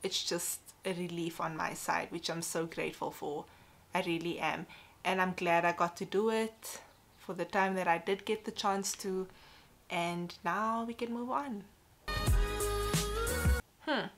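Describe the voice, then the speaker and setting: Young female vlogger, slightly low pitch, candid and chatty, casual to-camera talk. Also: steady tone, measured pace, pauses often, a bit bright, faint music behind. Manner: chatty, candid, frequent "like" and "you know". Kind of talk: casual personal vlog.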